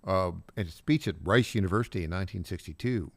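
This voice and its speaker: A man's voice: sits low, fast, no room sound. A man co-hosting a talk radio show, laughing along and asking leading questions.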